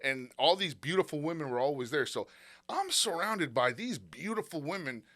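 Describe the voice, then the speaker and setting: Bright, animated young man telling stories. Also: on the high side, moderate pace. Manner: animated, acts out quotes, swears freely. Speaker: stand-up comedian. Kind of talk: casual podcast storytelling.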